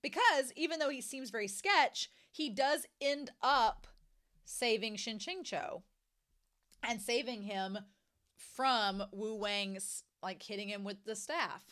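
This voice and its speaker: A young woman casually discussing a novel she is reading, animated and jumping to excited high notes. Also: takes it slowly. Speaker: book reviewer.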